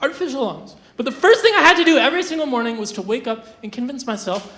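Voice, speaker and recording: A young adult stand-up comedian on a live stage, delivering absurd jokes deadpan with hesitant restarts and lots of fillers. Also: mid-range voice, fast talker. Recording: roomy live venue sound.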